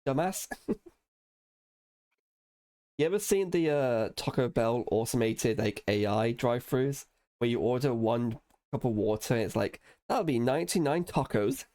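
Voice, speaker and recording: A man chatting casually on a podcast, swearing freely and telling lively stories with acted-out quotes. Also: medium pitch, unhurried, long pauses. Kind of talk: casual chat.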